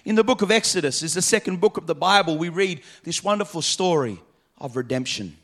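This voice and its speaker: In a church, a male pastor preaches with animated, a little fast delivery. His emphatic, repetitive sermon alternates between quiet, low stretches and loud climaxes that are half sung.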